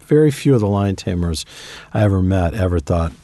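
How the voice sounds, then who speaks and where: A man's voice: low-pitched, expressive, a little fast, mellow, no room sound. A man being interviewed, telling anecdotes in a conversational way with emphatic asides. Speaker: guest author. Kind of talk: interview storytelling.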